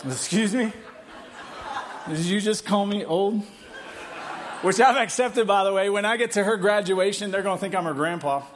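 A man in his forties preaching a sermon in a church, telling a family story in an animated way. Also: high-pitched, moderate pace, a little hiss or hum. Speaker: pastor. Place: church hall.

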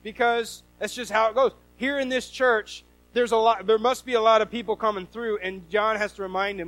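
Male preacher from the Northwest, higher-pitched, lively sermon delivery with acted-out quotes. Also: normal speed, hardly any pauses, soft background music, rough recording. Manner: animated storytelling with quoted voices. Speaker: pastor.

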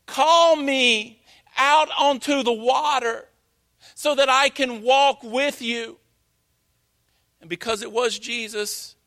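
A man preaching a sermon in a church, with slow, dramatic emphasis. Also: very high-pitched, sharp tone. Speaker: pastor. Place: church sanctuary.

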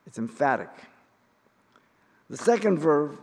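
A middle-aged man teaching an in-depth Bible study, speaking in a measured, emphatic way with pauses and occasional fillers. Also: fairly high pitch, big pitch swings, creaky, darkish tone. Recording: long reverb in a hall.

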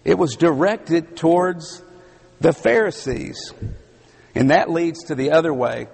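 A man preaching a sermon in a large hall, his voice slightly strained, speaking slowly and emphatically with dramatic pauses and a Southern US accent. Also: fairly high pitch, creaky, a little mellow, husky. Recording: long hall reverb.

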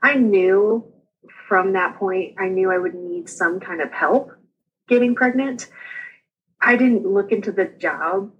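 Husky woman telling her story. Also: medium pitch, dull audio. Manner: chatty, quick, laughs through anecdotes. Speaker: guest sharing her birth story. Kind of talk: casual personal storytelling.

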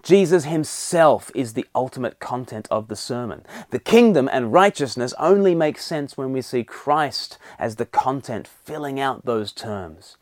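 A man preaching a sermon, rising in pitch and loudness to stress his key points. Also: expressive, unhurried, hardly any pauses, dry recording, clean studio sound.

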